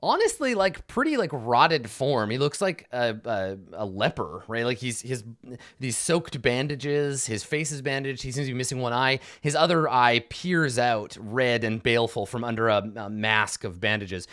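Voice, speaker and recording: A man's voice: medium pitch, animated, moderate pace, a bit bright. A man narrating as game master of a tabletop game, rambling with fillers and restarts.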